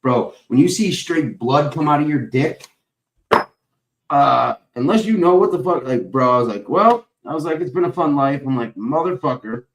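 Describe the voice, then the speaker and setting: A man's voice: medium pitch, expressive, normal speed, a little hiss or hum, low-quality recording. A young man streaming live, chatting casually with viewers and telling long, profane, rambling stories. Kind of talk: casual chat.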